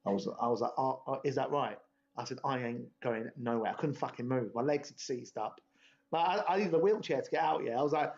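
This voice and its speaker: A man's voice: medium pitch, brisk, darkish tone. A young man, telling a rambling, sweary story in laddish podcast chat. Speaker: podcast host. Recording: dull lo-fi podcast audio.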